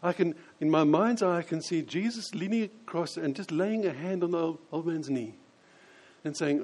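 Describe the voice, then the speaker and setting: A man preaching a sermon, explaining scripture and acting out quoted voices with lively changes. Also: fairly high pitch, moderate pace. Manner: animated, acts out quoted voices.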